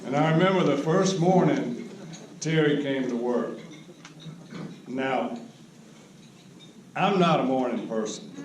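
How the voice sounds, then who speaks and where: An older man giving a humorous storytelling speech at a roast, with wry, unhurried comic timing. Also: medium pitch, a little mellow. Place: large banquet hall. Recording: echoey hall recorded from a distance with background noise.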